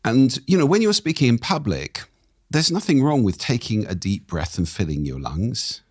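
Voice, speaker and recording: A man speaking as a guest on a podcast, explaining ideas with an expressive, animated delivery. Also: moderate pace, slightly rough, dry recording, clean studio sound. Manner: expressive, animated delivery with wide pitch swings. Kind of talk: interview conversation.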